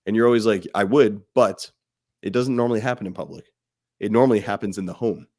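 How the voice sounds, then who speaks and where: A man's voice: on the low side, quick pace, a little mellow. Man, podcast co-host, passionate, emphatic, blunt, curses freely, casual talk.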